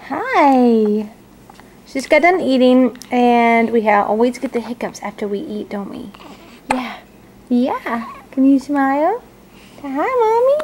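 A woman's voice: fairly high pitch, lively intonation, takes it slowly, darkish tone, a little hiss or hum. A new mother filming herself at home and cooing to her newborn baby in sing-song baby talk, recorded on a handheld camcorder.

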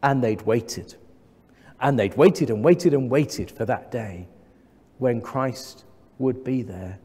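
An English man in his thirties preaching a sermon as the new vicar, measured and gently humorous, with rhetorical questions to the congregation. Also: medium pitch. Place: large church. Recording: long church reverb.

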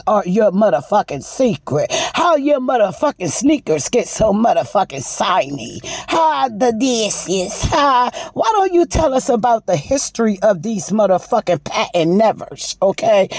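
A woman's voice: a little high, a little mellow, no echo. A woman giving profane, mocking comedic roast commentary. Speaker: commentary vlogger.

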